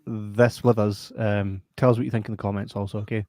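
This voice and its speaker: A man's voice: lowish voice, fairly quick, a little mellow, dry recording. A Scottish man hosting a podcast in casual, blunt, sweary chat. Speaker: podcast host.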